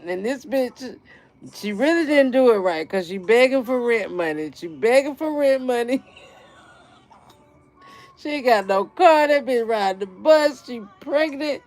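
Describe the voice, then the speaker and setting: A woman's voice: fairly high pitch, animated, moderate pace, darkish tone. A woman hosting a gardening channel, chatting casually and profanely on a livestream and laughing often.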